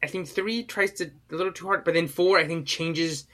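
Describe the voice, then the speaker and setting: Rambling bright-voiced young man on a podcast. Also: on the high side, steady tone. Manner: rambling, halting restarts, swearing. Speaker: podcast co-host. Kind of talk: casual chat.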